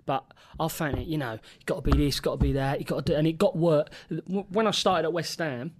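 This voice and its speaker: A man's voice: fairly high pitch, fairly even intonation, fairly quick. A man with a Cockney accent on a podcast, telling rambling, laughing anecdotes and swearing freely. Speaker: podcast co-host, former footballer. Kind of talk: casual podcast banter.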